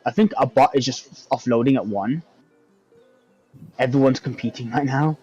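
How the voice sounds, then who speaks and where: A man's voice: mid-range voice, normal speed, a little mellow, husky, faint music behind. Rambling gamer man on a dull line. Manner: rambling, filler-heavy, thinking aloud. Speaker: gamer on voice chat. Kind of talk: casual gaming chat.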